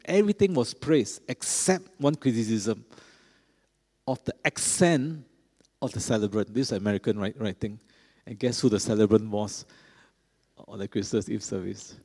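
Middle-aged pastor preaching in a reverberant church. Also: male voice, on the low side, warm tone. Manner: conversational preaching with asides to the congregation. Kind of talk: sermon. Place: large church. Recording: long reverb of a large church.

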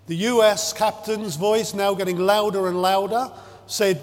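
A man preaching a sermon in a measured, emphatic way, drawing out his phrases and stressing key words. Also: high-pitched, steady tone. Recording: long hall reverb.

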